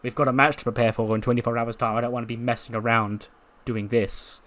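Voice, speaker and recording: A man voicing a serious woman wrestling champion who answers flatly and without enthusiasm. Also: medium pitch, fast talker, natural voice. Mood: deadpan. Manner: flat and unimpressed.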